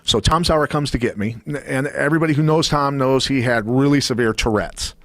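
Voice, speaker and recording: A man's voice: mid-range voice, fairly quick, no echo. Dry-voiced man telling a story. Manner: animated storyteller, acts out quotes. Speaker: podcast guest, former fighter. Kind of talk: storytelling in casual chat.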